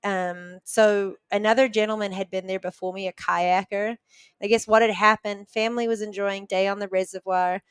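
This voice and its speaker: Podcast guest, female; clear resonant voice, dry close sound, conversational storyteller. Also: mid-range voice, little pitch movement, normal speed, no echo. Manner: vivid retelling, frequent "like" fillers.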